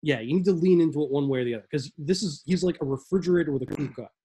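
This is a man co-hosting a film podcast. He speaks a little high for a man, with a mellow, slightly husky voice. His delivery is dry and deadpan. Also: racing, poor audio. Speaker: podcast co-host. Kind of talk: casual chat.

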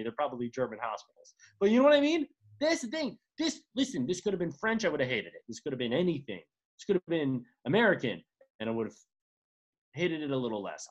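A high-voiced man co-hosts a casual movie-review chat, ranting in exasperated bursts. His pitch leaps all over the place as he swears and complains sarcastically. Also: dull audio. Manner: rapid pitch swings, sarcastic. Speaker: podcast co-host.

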